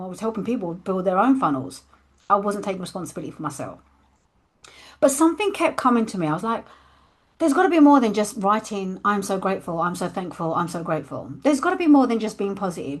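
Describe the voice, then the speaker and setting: A woman, a coach candidly telling her personal story and acting out her past thoughts. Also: medium pitch.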